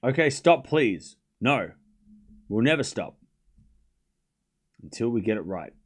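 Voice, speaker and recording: A man's voice: mid-range voice, very animated, takes it slowly, slightly rough. An Australian man hosting a live tennis watchalong, chatting casually and replying to his chat. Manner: playful, repeats words, responds to chat. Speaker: livestream host.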